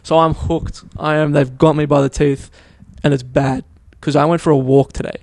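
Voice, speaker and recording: A man's voice: a little high, normal speed, gravelly, no echo, clean studio sound. A young Australian man telling stories in casual podcast chat, swearing freely and acting out what people said. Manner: animated storyteller, swears, acts out quotes. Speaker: podcast co-host. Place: studio.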